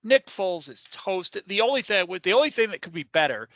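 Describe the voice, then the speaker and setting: A man's voice: sits high, sing-song, fairly quick, a bit bright, no room sound, dull audio. A man co-hosting a casual sports podcast, emphatic and repeating words as he gets worked up. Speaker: podcast co-host.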